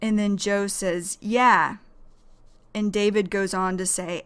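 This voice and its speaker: A woman's voice: mid-range voice, steady tone, slow, a bit bright, smooth. A woman teaching an English vocabulary lesson, explaining words carefully and repeating them.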